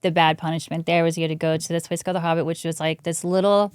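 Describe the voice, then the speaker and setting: A woman speaking as a podcast guest, with a low, smooth voice and a dry, close sound. She talks in a halting, casual way and stumbles over small fillers. She is shivering from the cold as she speaks. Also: level tone, no echo. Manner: halting, full of "like" and "um". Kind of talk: casual personal account.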